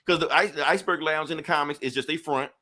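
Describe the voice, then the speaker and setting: A man's voice: a little high, quick pace, sharp tone. A man co-hosting a podcast, chatting casually and laid-back about a movie. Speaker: podcast co-host. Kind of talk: casual movie review chat.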